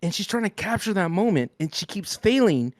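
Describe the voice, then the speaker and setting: A man co-hosting a wrestling podcast, chatting casually and telling stories with a joking, relaxed manner. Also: high-pitched, brisk, dry recording. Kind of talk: casual chat.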